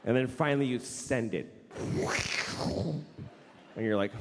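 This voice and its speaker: A man's voice: mid-range voice, moderate pace, long pauses, a little mellow, long reverb tail, slight background noise. A man doing stand-up comedy, ranting bluntly and crudely, and jumping into mocking voices for the people he quotes. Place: large hall with an audience.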